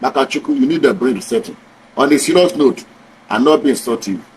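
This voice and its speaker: Talking fast with lively intonation in a mid-range voice, a Nigerian-accented vlogger addresses the camera directly. He mixes Pidgin and English and preaches his views through rhetorical questions, captured in a rough recording with a bit of background noise.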